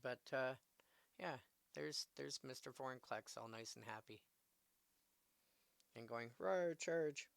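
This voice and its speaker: A man's voice: medium pitch, fairly even intonation, a little slow, creaky, long pauses, a bit bright, no room sound. A man casually commenting on a live stream, reading card text aloud and adding musing asides. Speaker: streamer opening card packs.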